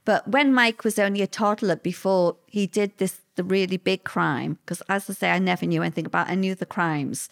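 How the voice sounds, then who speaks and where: A woman's voice: lowish voice, fairly quick, creaky, few pauses. A woman, answering interview questions with plain-spoken, vivid personal recollection.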